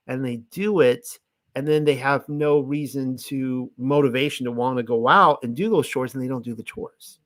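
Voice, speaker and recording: A man's voice: medium pitch, moderate pace, fairly bright tone, no room sound. A man reading scripture aloud and explaining it in a loose, chatty way as a Bible teacher. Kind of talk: casual scripture reading and commentary.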